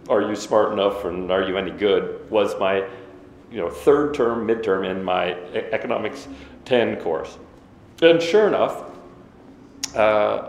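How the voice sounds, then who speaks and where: Man, 50s, after-dinner speaker; low, gravelly, halting with fillers; roomy hall sound with faint noise. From Ontario, Canada. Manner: self-deprecating, halting with many fillers. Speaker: guest speaker. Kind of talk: after-dinner storytelling speech. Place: banquet hall. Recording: echoey banquet hall with faint room noise.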